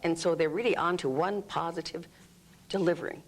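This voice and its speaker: A woman's voice: on the low side, brisk. A woman explaining an energy healing technique in an interview, demonstrating groans, sighs and vocal sounds as she talks. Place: room under studio lights.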